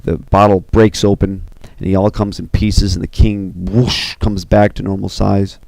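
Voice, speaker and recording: Recounting the plot of an animated film in a casual way, a man with a deep, gravelly voice talks at a moderate pace. He's animated and leans heavily on "you know" and "uh," and the audio carries no room sound.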